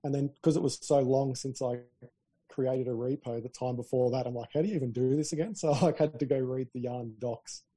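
A man's voice: medium pitch, fairly even intonation, moderate pace, warm tone, breathy edge. A man co-hosting a podcast, chatty and easygoing, telling stories in casual conversation. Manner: chatty, laughing easily, storytelling. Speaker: podcast co-host. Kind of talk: casual tech chat.

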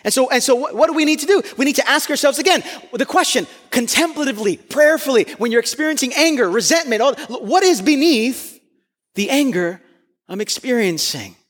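A man with an unusually high-pitched voice delivers a sermon. He speaks earnestly and with strong emphasis, at times lifting almost to a shout. His voice carries a long reverb that fills a large hall. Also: expressive, fairly quick. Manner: earnest and emphatic, rising to near-shouts on key points. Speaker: preacher.

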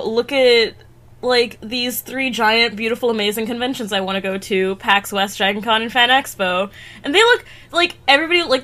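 A woman co-hosting a podcast in casual chat, excitable and self-mocking. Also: a little high. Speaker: podcast co-host.

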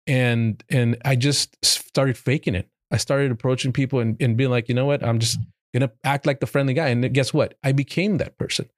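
A man's voice: medium pitch, fairly quick, no room sound, studio quality. A man hosting a casual group podcast chat, talkative and swearing easily. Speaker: podcast host.

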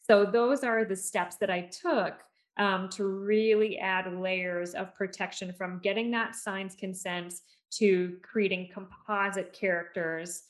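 A woman guest on a podcast, a speech therapist, telling stories from her work. Her voice is mid-pitched and animated. She talks with lots of fillers and restarts. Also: takes it slowly. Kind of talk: conversational storytelling.

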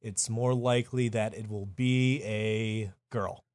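A man's voice: lowish voice, fairly even intonation, slow pace, darkish tone, no echo. Rambling, joking man with a dry close sound. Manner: rambling, playful, does silly voices for characters. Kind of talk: crude comedic banter.

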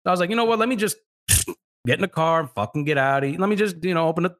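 A man's voice: on the high side, rapid-fire. A man co-hosting a podcast, telling a story casually, swearing a lot and acting out the voices of the people in it. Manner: profane, animated, acts out voices. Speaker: podcast co-host.

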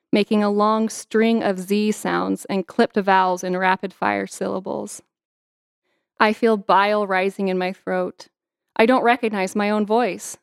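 A woman's voice: mid-range voice, clear, resonant tone, no echo, clean studio sound. A young adult woman, an author, reading her memoir in an earnest, intimate way and answering interview questions.

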